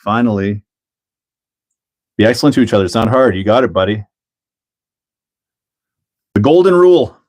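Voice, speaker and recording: A laid-back middle-aged Canadian man with a fairly low voice hosts a casual livestream. He jokes, laughs easily and reads out chat messages while building a kit, with an easygoing and unhurried delivery. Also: big pitch swings, a little mellow. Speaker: livestream host.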